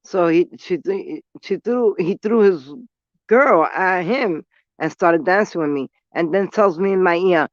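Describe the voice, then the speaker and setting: A woman's voice: lowish voice, measured pace, no room sound, dull audio. A woman from New City, telling a story in blunt, profane street talk while smoking. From New York City. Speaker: vlogger. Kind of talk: casual storytelling.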